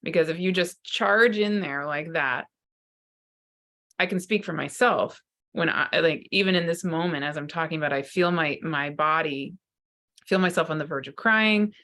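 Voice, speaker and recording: This woman, a psychotherapist and spiritual teacher, gives an earnest, searching spiritual talk to camera, unscripted and full of restarted sentences. Her low-pitched voice sounds pushed and bright at a normal speed.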